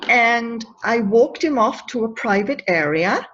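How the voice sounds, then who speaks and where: Husky-voiced woman in her fifties, earnest. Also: a little high, animated, fairly bright tone, highs cut off. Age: 50s. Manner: earnest, emotional retelling with halting restarts. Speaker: interview guest, anti-bullying advocate. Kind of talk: personal storytelling in conversation.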